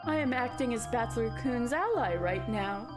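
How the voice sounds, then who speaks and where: A woman's voice: a little high, expressive, normal speed, music in the background. A woman streamer reading a visual novel aloud, playful and giggly, giving the characters voices.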